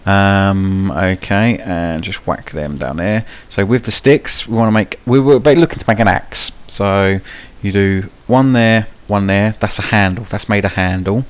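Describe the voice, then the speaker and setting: A young man talks viewers through a game in a low, easygoing voice. His live commentary rambles, full of ums and restarts, with cheeky swearing thrown in. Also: a little slow, hardly any pauses, clean tone. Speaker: gaming channel host. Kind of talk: live gameplay tutorial commentary.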